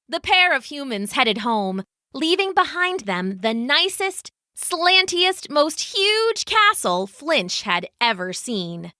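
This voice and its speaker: Expressive woman reading a children's story. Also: high voice, slow, hardly any pauses, dry recording, clean studio sound. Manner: expressive, animated.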